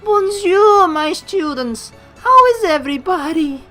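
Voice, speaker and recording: A woman's voice: very high voice, animated, measured pace, pushed and bright, soft background music, voice pushed up, exaggerated voice. A woman voicing a theatrical female ghost-class teacher with a put-on mock French accent, flowery and melodramatic. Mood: cheery.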